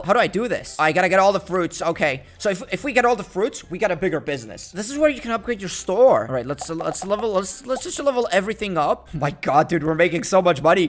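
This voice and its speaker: Young guy, high voice, playful gaming commentary, excitable and bossy. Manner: excitable, jokey, bossy toward game customers. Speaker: gaming YouTuber. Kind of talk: casual gameplay commentary.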